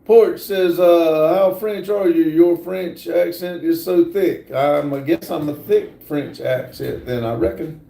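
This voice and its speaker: A man hosting a casual live stream, slowly reading viewer comments aloud with lots of fillers. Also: fairly high pitch, creaky, dark tone, echoey room. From United States. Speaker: livestream host reading chat.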